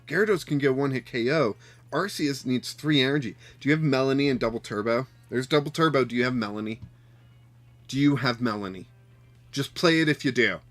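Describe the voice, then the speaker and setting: A man giving live gameplay commentary on a card game, talking to his opponent with exasperated outbursts and quiet muttered counting. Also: medium pitch, a little fast, faint music behind. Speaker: card game player and streamer.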